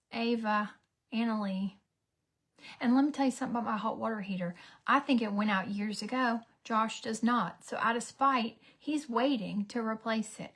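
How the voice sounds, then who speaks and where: A woman, telling a story as a casual get-ready-with-me vlog, dramatic and animated, sometimes dropping to a whisper. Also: on the high side. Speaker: beauty vlogger.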